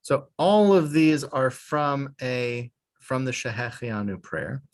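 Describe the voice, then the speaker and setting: A man teaching a beginner Hebrew class, patient and a little hesitant, pausing with fillers as he explains. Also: mid-range voice.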